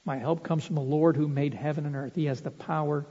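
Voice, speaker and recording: A man's voice: fairly high pitch, steady tone, brisk, mellow, breathy edge. A man preaching a sermon, earnest and explanatory, building his points with vivid everyday illustrations. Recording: reverberant hall, dull lo-fi sound.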